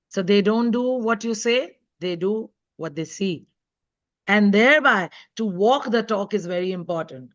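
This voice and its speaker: A woman's voice: medium pitch, normal speed. A woman author speaking as a guest in a live online talk, earnest and emphatic. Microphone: video call. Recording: dull lo-fi web call audio.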